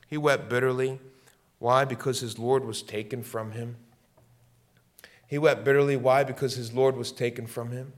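Impassioned male pastor preaching. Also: medium pitch. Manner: impassioned preaching, repeating lines, swinging between loud peaks and hushed passages. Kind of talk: sermon.

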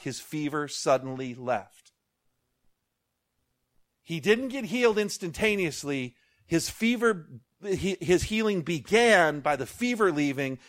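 High-voiced man preaching with call-outs. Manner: jokey asides and storytelling. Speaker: pastor. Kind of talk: sermon.

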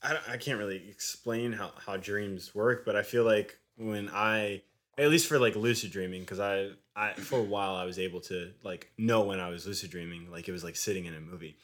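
A young man in casual chat who teases and cuts in with quick, wry remarks. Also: fairly low pitch, fairly bright tone. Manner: teasing, quick wry interjections.

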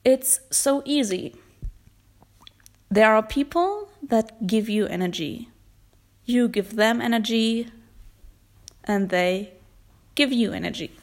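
Slow-talking German-accented woman podcaster. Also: fairly high pitch, expressive. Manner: slow, thoughtful, pauses and hesitations. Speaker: podcast host. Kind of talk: casual solo podcast talk.

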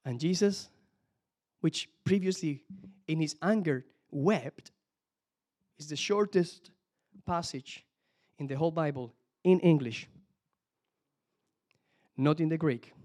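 A man preaching a sermon, telling the story with lively asides that swing from hushed to loud and emphatic. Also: on the high side, slow pace, long pauses. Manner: lively, talks to the congregation directly with frequent asides.

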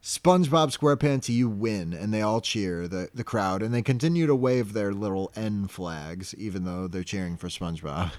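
A man's voice: deep voice, normal speed, hardly any pauses, a little mellow, dry recording. A man co-hosting a podcast in casual chat, laid-back with crude jokes. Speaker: podcast co-host.

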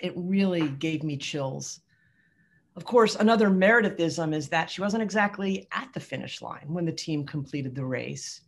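A woman's voice: sits low, animated, normal speed, vocal fry. A woman giving a prepared, heartfelt tribute toast to a colleague at an awards event. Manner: heartfelt and rhetorical.

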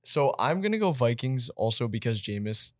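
A young man hosting a casual sports podcast, upbeat and quick to laugh. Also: mid-range voice, very animated, no echo, clean studio sound. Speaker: podcast host.

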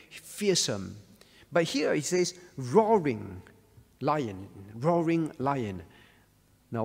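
A man teaches scripture to a group, stopping often to ask questions and call on people by name. His voice sits fairly high for a man. The sound carries a long reverb, as in a large hall. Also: gravelly. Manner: asks questions and calls on listeners by name, repeats key words. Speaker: pastor. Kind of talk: interactive Bible teaching.

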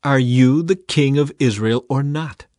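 A man reading the lines of a scheming, proud queen in a demanding, brisk way. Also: mid-range voice, darkish tone, no echo, clean studio sound, lightly acted. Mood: scornful.

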